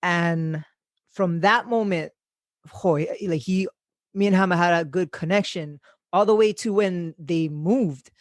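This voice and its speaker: A young man hosts a podcast in casual chat. He tells stories in a loose, animated way, swearing and laughing as he acts out quotes. The recording is close and dry. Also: high voice, measured pace, dry recording. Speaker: podcast host.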